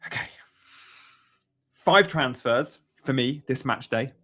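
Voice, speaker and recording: A man's voice: mid-range voice, takes it slowly, a bit bright. A young man chatting casually on a live stream, upbeat and reading out viewer comments as he goes. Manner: chatty, upbeat, reads out chat messages. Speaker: fantasy football streamer.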